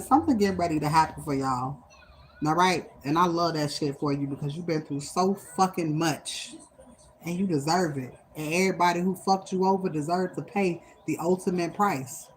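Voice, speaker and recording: A woman's voice: on the low side, moderate pace, a little hiss or hum. A woman giving a spiritual reading on a livestream, blunt and emphatic, cursing heavily, and often close to tears. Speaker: spiritual reader.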